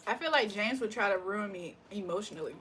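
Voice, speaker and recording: A woman's voice: mid-range voice, lively intonation, fairly quick, fairly bright tone, slight background noise. A woman livestreamer in casual chat, teasing and laughing as she answers viewer comments. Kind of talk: casual live-stream chat.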